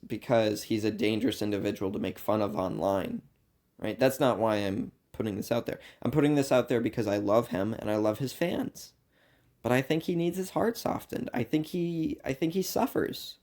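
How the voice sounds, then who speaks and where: A young university student with a mid-range voice delivers a rambling comedic monologue, earnest and meandering. He veers between loud outbursts and quiet asides.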